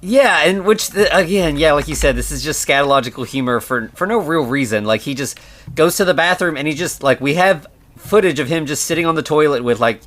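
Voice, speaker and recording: A man's voice: on the high side, animated, fairly quick, fairly bright tone. A man co-hosting a podcast, chatting casually about a film, with many fillers and restarts as he talks. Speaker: podcast co-host. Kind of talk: casual chat reviewing a film.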